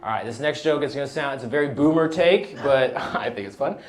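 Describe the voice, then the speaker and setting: A man's voice: mid-range voice, brisk, noisy background. A man in his thirties doing a stand-up set, talking casually and loosely, often laughing between lines. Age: 30s. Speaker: stand-up comedian. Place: comedy club stage with audience laughter.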